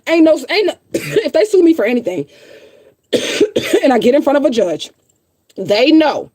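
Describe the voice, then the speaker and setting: A woman's voice: sits high, dark tone, no room sound. A woman hosting her own livestream, ranting heatedly and swearing, repeating herself as she answers viewers. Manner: heated, profane, repetitive. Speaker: livestream host. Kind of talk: casual livestream rant.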